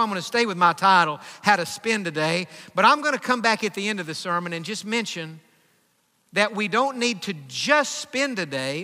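A man preaching from the pulpit, his voice pitched high and ringing bright as he tells a story. He grows emphatic and presses toward near-shouts. The sound carries a long reverb from the church sanctuary around him. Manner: emphatic, rising to near-shouts when quoting. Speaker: pastor. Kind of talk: sermon storytelling.

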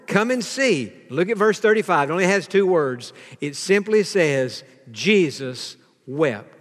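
A man's voice: high voice, in a large hall. A pastor preaching a sermon to his congregation in an earnest way, now and then asking them to repeat a line with him.

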